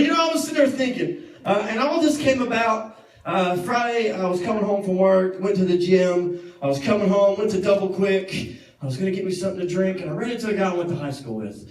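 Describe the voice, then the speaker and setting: A young man preaching to a youth group, telling a story in a lively, joking way and acting out the other voices. His voice sits high for a man. The sound is roomy and a little distant from the mic. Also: slight background noise. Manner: animated, jokey, acts out quotes, banters with the crowd. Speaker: youth pastor. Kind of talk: storytelling sermon. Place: youth service room. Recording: echoey room, mic at a distance.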